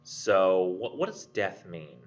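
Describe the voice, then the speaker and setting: A man voicing a hesitant adult learner of English, who asks questions haltingly. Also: sits low, very animated, muffled recording, heavily acted. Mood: unsure.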